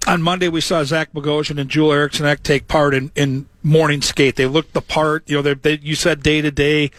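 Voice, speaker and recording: Higher-voiced reporter, a man, dry sound. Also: little pitch movement, a little fast, fairly bright tone, no room sound. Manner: direct, to-the-point questions. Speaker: sports reporter. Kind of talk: interview questions.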